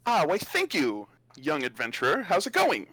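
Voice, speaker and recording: A man's voice: a little high, huge pitch swings, moderate pace, pushed and bright, breathy edge, no echo, heavily acted. A man voicing a smug, well-off male bard who teases the travellers in a tabletop game. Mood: mock-polite. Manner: smug, teasing, mock-polite.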